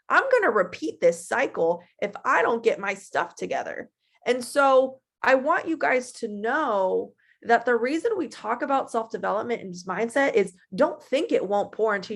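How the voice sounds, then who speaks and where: A woman in her twenties giving a casual, animated motivational talk to her team, chatty and full of feeling. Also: medium pitch. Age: 20s. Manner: animated and chatty, acting out her own past voice.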